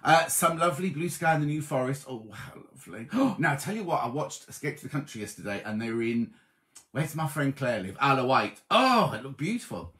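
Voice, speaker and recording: A man's voice: medium pitch, big pitch swings, brisk, a bit bright. A man hosting a live online coffee morning, chatting as he reads out viewers' messages and greets them as "my love". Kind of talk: casual live-stream chat greeting viewers.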